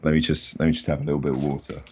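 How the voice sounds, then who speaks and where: A man's voice: very deep voice, completely flat delivery, very fast, mellow, slight background noise. A man, a podcast guest chatting casually in an easygoing, self-deprecating way. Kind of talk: casual chat.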